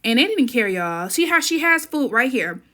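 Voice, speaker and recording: A woman's voice: very animated, moderate pace, bright, forceful tone. A woman host recording a casual, rambling voice-over for her gameplay video, talking straight to her viewers. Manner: rambling and chatty, addresses viewers as y'all; says she generally talks low. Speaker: gaming channel host. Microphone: recorded on an iPad.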